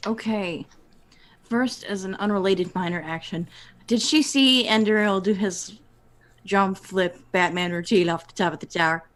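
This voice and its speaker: A woman's voice: mid-range voice, normal speed. A woman playing a tabletop game, asking rules questions and joking around in a chatty way. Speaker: player. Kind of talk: casual tabletop play.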